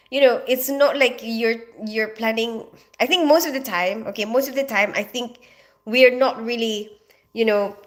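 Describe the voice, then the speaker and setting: A woman's voice: on the high side, fairly bright tone. A sleepy Filipino woman hosting a casual livestream, rambling with many fillers and frequent laughs as she reads out comments. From Philippines. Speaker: livestream host reading comments.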